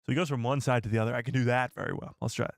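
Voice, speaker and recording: A man hosting a live stream, chatting with viewers in an excitable, joking way. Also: medium pitch, very fast, vocal fry, no echo, studio quality. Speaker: livestream host.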